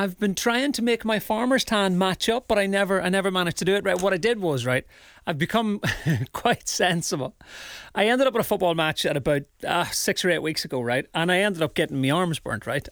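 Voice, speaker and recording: A man's voice: high-pitched, expressive, a little fast, a bit bright, dry recording, studio quality. A man with a Northern Irish accent, chatting casually on air as a radio presenter, rambling and self-mocking. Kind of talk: casual chat.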